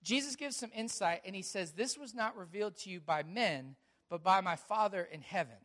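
Man, pastor, high voice, sermon, animated storytelling. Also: normal speed. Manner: storytelling, animated, quoting others in dialogue.

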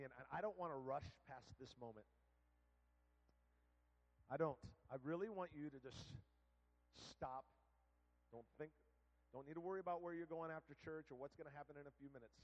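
A man preaching a sermon, telling a story with acted-out quotes and then leading a quiet prayer. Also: a little high, highs cut off. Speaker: guest preacher.

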